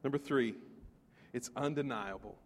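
A man's voice: mid-range voice, measured pace, big-room sound, a little hiss or hum. A man preaching a sermon, emphatic and putting questions straight to the congregation. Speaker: pastor.

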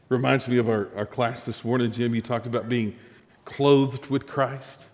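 A male pastor preaching a sermon with lively rhetorical questions to his congregation. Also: medium pitch, moderate pace, long reverb tail.

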